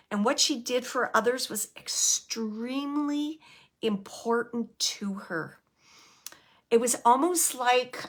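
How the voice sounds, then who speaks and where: A woman host giving a live mediumship reading, halting and searching for words, sometimes dropping to a hushed whisper. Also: fairly high pitch. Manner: drops to a hushed whisper at times. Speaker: psychic medium.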